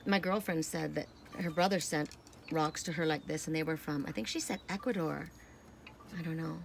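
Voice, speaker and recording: A woman chatting casually on her home deck, expressive and talking to her pets between thoughts. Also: low voice, normal speed, vocal fry, slight background noise. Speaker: spiritual vlogger. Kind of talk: casual chat.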